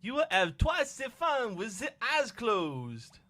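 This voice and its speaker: A man voicing a flirty female spa attendant, slow, sultry and sing-song. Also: very high voice, wildly swooping pitch, bright, forceful tone, pitched above the performer's own voice, full character voice.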